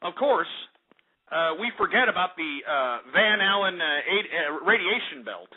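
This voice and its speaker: High-pitched guy yelling and cussing on his call-in radio show, sounds thin like over a phone line. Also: big pitch swings, moderate pace. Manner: angry, profane, heckles callers. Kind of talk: ranting call-in radio talk. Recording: tinny phone-like radio audio.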